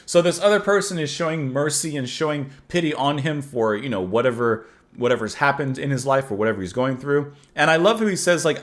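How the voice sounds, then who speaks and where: A man in the middle pitch range with a lively, animated voice that rises and falls a lot. He talks casually and enthusiastically through an album reaction, thinking aloud with fillers and restarts and reading lyrics with feeling. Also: fairly quick. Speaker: music reaction host. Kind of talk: casual music reaction and review.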